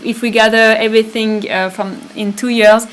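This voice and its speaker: A woman's voice: a little high, flat delivery, moderate pace, a little hiss or hum, low-quality recording. A woman with a French accent co-hosting a casual spiritual talk on a livestream, hesitant, repeating words and laughing easily. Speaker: retreat co-host.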